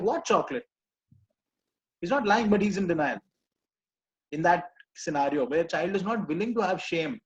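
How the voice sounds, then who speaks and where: A man coaching a live group, gently repeating reassuring phrases. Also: high voice, lo-fi sound. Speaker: personal growth coach.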